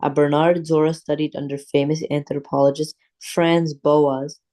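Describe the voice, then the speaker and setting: Flat, mellow-voiced student reading aloud. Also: medium pitch, moderate pace. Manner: steady, careful reading with little stress on words.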